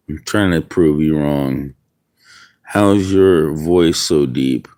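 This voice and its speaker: Low-pitched male streamer, unhurried, rambling chat, outdoors. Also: mellow. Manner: rambling, musing aloud. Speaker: livestreamer. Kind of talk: casual livestream chat. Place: outdoors in the wind.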